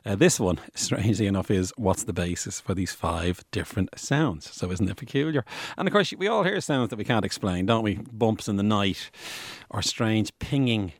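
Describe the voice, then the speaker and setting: A man with a booming voice, hosting a science podcast in a rambling, chatty way. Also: normal speed, no echo, clean studio sound. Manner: rambling, chatty, conversational with restarts. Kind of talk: casual explanatory podcast talk. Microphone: studio microphone.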